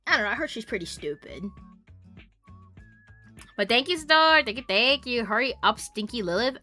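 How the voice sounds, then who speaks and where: Bright-voiced playful young woman streamer. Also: fairly high pitch, animated, normal speed, pauses often, faint music behind. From Canada. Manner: playful teasing, bursts of laughter and mock insults. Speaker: variety streamer. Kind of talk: casual chat reading stream chat.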